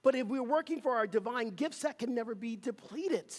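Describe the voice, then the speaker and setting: Minister preaching in a big echoey church, middle pitch, call and response with the crowd. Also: expressive, brisk. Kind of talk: sermon. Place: church sanctuary.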